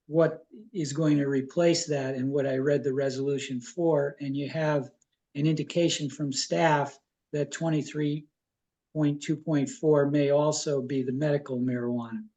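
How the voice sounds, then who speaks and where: Dark-voiced man reading legal motions. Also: on the high side. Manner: measured, reads legal text slowly. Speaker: town attorney. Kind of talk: public meeting discussion.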